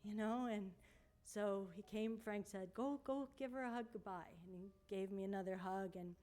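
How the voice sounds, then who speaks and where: An earnest woman speaks to a church congregation as she walks them through slides. Her voice sits at an ordinary middle pitch. Heartfelt, she sometimes sinks almost to a whisper. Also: normal speed. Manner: earnest and heartfelt, with soft hushed moments. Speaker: church member reporting on a mission trip.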